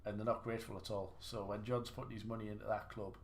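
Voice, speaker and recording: A man's voice: fairly low pitch, level tone, quick pace, vocal fry. A man livestreaming a snooker game, chatting casually and mocking his own play with rambling restarts. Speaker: gaming livestreamer. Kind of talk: casual live commentary while playing.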